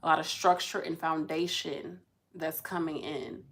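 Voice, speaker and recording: A woman's voice: sits low, flat delivery, a little slow, a bit bright. Chatty, effusive woman reading tarot. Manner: chatty, effusive, slangy, addresses viewers as y'all. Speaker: tarot card reader. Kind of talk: casual pick-a-card reading.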